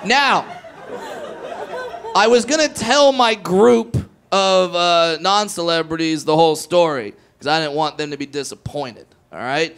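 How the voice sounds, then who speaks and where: A man doing stand-up comedy, telling a long story in an animated way, acting out quotes and tripping over restarts. The recording is noisy. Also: on the high side, unhurried, a crowd in the background.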